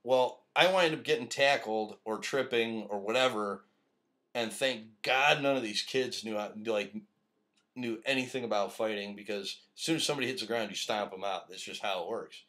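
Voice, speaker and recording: On a live-streamed podcast, a male host tells a long, rambling story in casual chat, swearing freely and laughing often. His voice sits on the low side, a little bright, at a normal speed.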